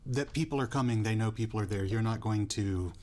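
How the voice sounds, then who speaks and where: A man running a tabletop game as dungeon master, narrating outcomes in a measured, descriptive way. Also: fairly low pitch, dark tone.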